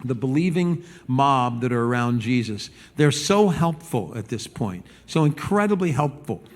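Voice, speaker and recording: A man preaching a sermon as pastor, animated and conversational, stumbling over repeated words and acting out the people he quotes. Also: medium pitch, normal speed.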